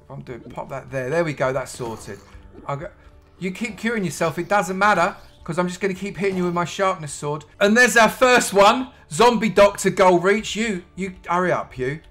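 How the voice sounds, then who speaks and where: A British man commentating on his own gameplay in a bright, forceful voice pitched a little high. He chatters away, talking to himself and to the creatures on screen, and bursts into excited shouts. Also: brisk, soft background music. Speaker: gaming YouTuber.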